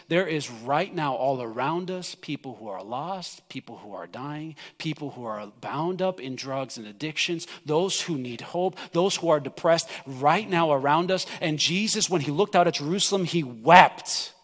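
A pastor delivers an impassioned sermon in a fairly high voice, rising to pleading cries and dropping to near-hushed stretches. His words ring out with a long reverb from a church hall. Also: animated, moderate pace, hardly any pauses.

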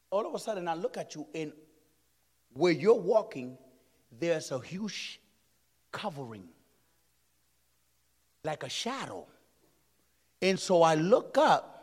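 A man preaching as an evangelist, telling a story dramatically, swinging from hushed tones to shouts. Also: high voice. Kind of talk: sermon storytelling. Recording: long hall reverb.

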